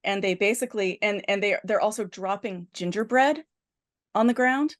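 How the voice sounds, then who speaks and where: Animated woman host retelling a film plot. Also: medium pitch, normal speed. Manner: animated storyteller, heavy use of "like" and restarts. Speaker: podcast host. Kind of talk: casual podcast chat retelling a film plot.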